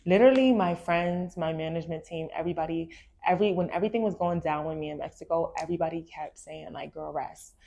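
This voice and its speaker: A young woman hosting a podcast, reading a book aloud and reacting to it in an animated, emphatic way, with slang and repeated phrases. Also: fairly low pitch, fast talker. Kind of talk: casual chat mixed with reading aloud.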